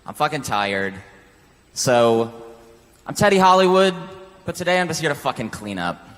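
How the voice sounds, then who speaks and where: A man delivering a cocky, deadpan comic monologue on a convention stage. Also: mid-range voice, normal speed, slight background noise. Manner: cocky, deadpan swagger with swearing. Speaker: contestant cutting a promo. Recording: long hall reverb.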